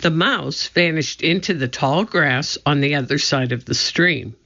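Storybook narrator, expressive, measured, bright tone, dull lo-fi recording. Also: medium pitch. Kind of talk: storybook reading.

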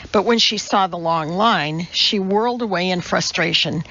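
Woman narrator, low gravelly voice, measured audiobook reading, dull lo-fi sound. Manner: measured and even storytelling.

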